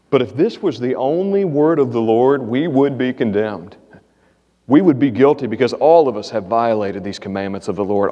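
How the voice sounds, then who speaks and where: A man preaching a sermon as pastor, earnest, lifting his voice when he reads scripture aloud. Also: dark tone. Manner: earnest preaching, rises in pitch reading scripture. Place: church sanctuary. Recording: echoey hall, muffled sound.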